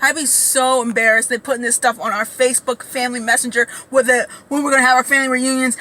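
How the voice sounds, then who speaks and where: A woman ranting casually as a commentator, blunt, profane and animated. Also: high voice, fast talker, few pauses, rough recording. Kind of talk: casual reaction rant.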